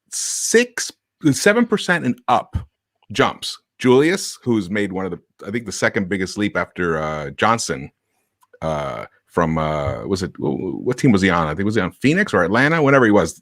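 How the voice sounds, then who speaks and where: A man on a sports panel who talks in an animated, casual way, laughing easily and tripping over his words. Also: fairly low pitch, moderate pace, no room sound, studio quality. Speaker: podcast panelist.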